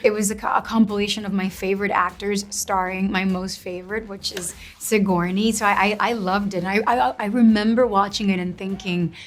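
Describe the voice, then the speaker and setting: A woman's voice: mid-range voice, fairly even intonation, fairly quick. A woman actor in an interview, earnest and heartfelt, sometimes repeating words in her eagerness. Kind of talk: casual interview chat.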